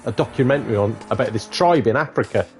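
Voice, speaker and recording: A man's voice: mid-range voice, fast talker, soft background music. Jokey man chatting on a game stream. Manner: jokey, laughs often, says "mate". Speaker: gaming streamer. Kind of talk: casual live-stream chat.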